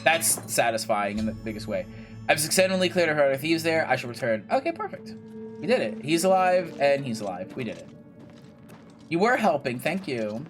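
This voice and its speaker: Over music, a young male gaming creator narrates his play at a moderate pace in a slightly high, very animated voice. He jokes around, swears freely, and talks both to himself and to the characters on screen.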